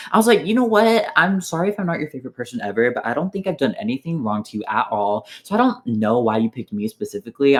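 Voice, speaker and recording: Young guy on voice chat, chatty retelling, lots of "like", acts out quotes. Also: mid-range voice. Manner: animated retelling, full of "like" and quoted dialogue. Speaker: player in an online strategy game. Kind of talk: casual voice chat storytelling. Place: online voice chat.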